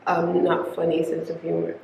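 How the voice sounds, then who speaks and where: A woman's voice: on the low side, monotone, moderate pace, gravelly, a little mellow. A young woman from the Arab world chatting playfully and bantering as co-host of a couple's video. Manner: playful, bantering, laughs a lot. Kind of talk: casual chat. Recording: echoey room with long reverb, faint noise.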